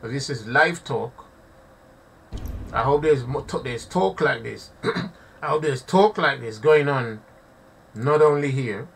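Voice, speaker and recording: A man's voice: mid-range voice, takes it slowly, creaky, pauses often, a bit bright. Preachy guy ranting live, keeps saying family, kinda far from the mic, a bit of hiss. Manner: preachy, repetitive, calls audience "family". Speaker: online preacher. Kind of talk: impassioned live commentary.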